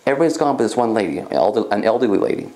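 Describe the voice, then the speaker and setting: A man's voice: lowish voice, expressive, racing, mellow. A man working as a psychic medium, casually telling a personal story in a rambling way, often repeating himself. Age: young adult.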